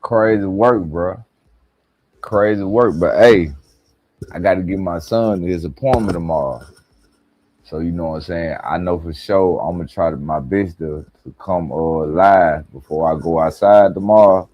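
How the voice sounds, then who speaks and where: Deep-voiced man hosting a live stream. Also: measured pace, no room sound, muffled recording. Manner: relaxed, slangy, addresses viewers directly. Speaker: live-stream reaction host. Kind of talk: casual live-stream talk.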